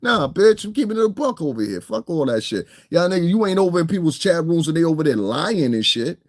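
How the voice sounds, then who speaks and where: A man, his voice pitched a touch high, tears into critics in a profane, mocking rant. He lurches from loud outbursts to low mutters, sounding confrontational throughout. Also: very animated, a little fast. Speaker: online hip hop commentator. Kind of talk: ranting streamed commentary.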